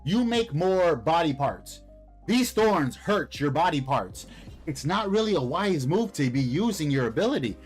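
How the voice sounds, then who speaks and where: A man reading a comic aloud voices a calm but worried fish-man pirate helmsman in a questioning, lecturing way. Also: on the high side, unhurried, husky, soft background music, heavily acted. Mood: scolding.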